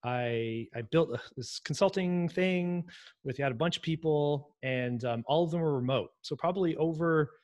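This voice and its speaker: A man who works as a software engineer, a podcast guest chatting in a friendly, rambling way. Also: a little high, moderate pace. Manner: friendly, rambling, chuckles, talks through tasks. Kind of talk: casual chat.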